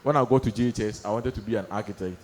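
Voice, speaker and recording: A young man doing stand-up storytelling on stage, animated, acting out voices and laughing through his lines. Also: on the low side, rapid-fire, slight background noise. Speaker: stand-up comedian. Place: comedy stage before a live audience.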